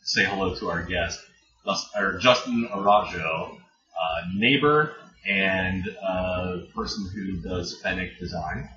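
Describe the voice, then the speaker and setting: A man's voice: sits low, slow, a crowd in the background. A man co-hosting a casual podcast chat, laid-back, laughing often and swearing casually. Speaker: podcast co-host. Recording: roomy, dull, noisy home podcast recording.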